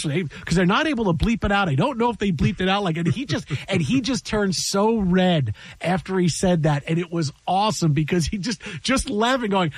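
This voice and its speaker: A man's voice: high-pitched, expressive, a little fast, few pauses, slightly rough, no echo. A man hosting sports radio in a studio, telling a story with lots of energy, acting out quotes and laughing often. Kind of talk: casual sports radio chat. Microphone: studio mic.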